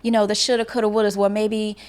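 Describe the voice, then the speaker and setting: A woman's voice: mid-range voice, level tone, fast talker, a little mellow. Affirming woman podcast host. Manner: affirming, frequent "mm-hmm" and "that's good". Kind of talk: conversational interview.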